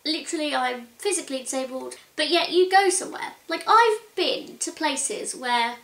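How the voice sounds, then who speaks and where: Young woman vlogging, high voice, frustrated and earnest, roomy echo. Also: normal speed, few pauses, a bit bright. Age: 20s. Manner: earnest and exasperated, chatty with many likes. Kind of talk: casual talk to camera. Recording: echoey room.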